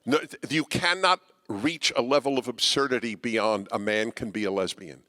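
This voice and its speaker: A man addresses a live audience in an auditorium, combative and wry, pushing hard on his points. His voice has a bright, forceful edge, and long hall reverb trails after each phrase. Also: moderate pace. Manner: emphatic, combative and wry, with sharp swings in pitch and loudness. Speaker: guest speaker.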